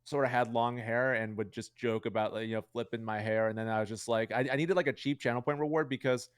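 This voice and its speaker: A man's voice: mid-range voice, steady tone, clear, resonant tone, no echo, clean studio sound. A young man chatting casually as an interview guest, rambling with lots of fillers. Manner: fast, rambling, heavy use of fillers. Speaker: guest streamer.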